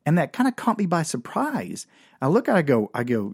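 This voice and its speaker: A comedian and storyteller with a slightly rough voice talks fairly quickly through a rambling, self-mocking comic story. His pitch swings animatedly, and the recording is dry and studio quality.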